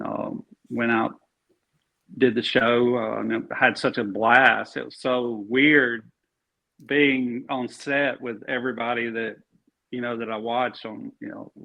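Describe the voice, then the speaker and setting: Measured and flat, this Alabama actor's mid-range voice carries vocal fry through a casual interview. He talks freely, drifting with lots of fillers and restarts, on a dull lo-fi recording.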